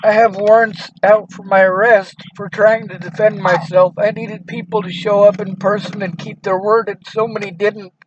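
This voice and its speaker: A distressed man with a very high voice pours out his grievances, pleading and bitter, close to tears. The recording is muffled and lo-fi. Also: level tone, normal speed, few pauses, background noise. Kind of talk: emotional phone call.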